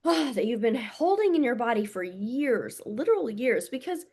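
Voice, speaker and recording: A woman with a fairly high voice speaks straight to camera as a spiritual coach. She talks in a frank, blunt way, swears freely, and addresses her listeners intimately as "my loves". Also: big pitch swings, unhurried, darkish tone, slightly rough. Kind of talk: casual monologue to camera.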